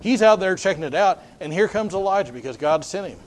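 High-voiced man preaching a folksy sermon. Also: animated, a little fast. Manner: folksy, conversational, storytelling with frequent restarts.

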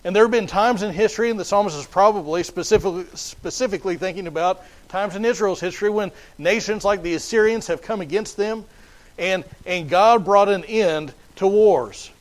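A man's voice: sits high, fairly quick, poor audio. A man preaching a sermon in an emphatic, repetitive way, often restarting his phrases.

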